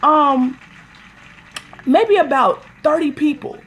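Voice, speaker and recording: Animated woman chatting on a phone livestream. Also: sits high, slow, a little hiss or hum. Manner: animated, exasperated storytelling; greets viewers by name mid-story. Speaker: livestream host. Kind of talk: casual livestream chat.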